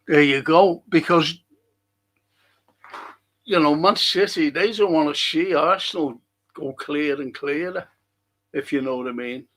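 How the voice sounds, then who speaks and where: A man's voice: on the high side, unhurried, pauses often, a bit bright. A middle-aged man hosting a casual live stream, reading out viewer comments, answering them and swearing now and then.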